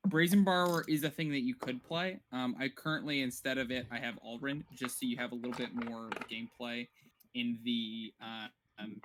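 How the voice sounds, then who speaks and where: A man's voice: mid-range voice, fairly even intonation, normal speed, fairly bright tone, slight background noise. A young man from the United States, a guest on a card game stream, chatting in a laid-back way and laughing easily. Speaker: guest deck builder. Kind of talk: casual gameplay chat.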